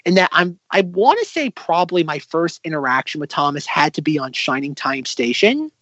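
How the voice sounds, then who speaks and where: Rambling, animated male podcast co-host. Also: a little high, moderate pace, dry recording, dull audio. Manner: rambling, animated, tangent-prone. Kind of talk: casual chat.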